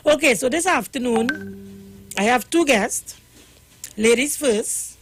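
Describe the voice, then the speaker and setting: A woman's voice: a little high, animated, very slow, a little hiss or hum. A woman hosting a radio talk show from the studio, chatty and folksy, sometimes slipping into heartfelt prayer. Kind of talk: casual radio chat.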